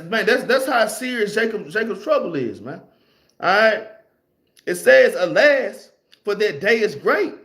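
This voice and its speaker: A man's voice: sits high, a bit bright. A man teaches a casual Bible class, reading verses aloud and explaining them in a loose, conversational way that keeps ending phrases with "man.". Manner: reads scripture aloud, then explains it.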